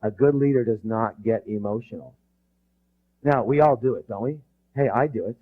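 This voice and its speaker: A male motivational speaker giving a live leadership seminar, drilling the audience with rhetorical questions and call-and-response, bursting loud when stressing passion. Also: lowish voice, moderate pace. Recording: dull lo-fi recording.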